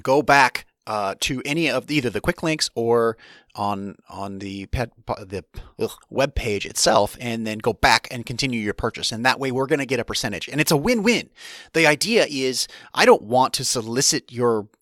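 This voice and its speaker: A man's voice: medium pitch, expressive, moderate pace, fairly bright tone, no room sound, clean studio sound. Rambling man hosting a solo podcast. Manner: rambling, restarts often, candid. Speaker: podcast host.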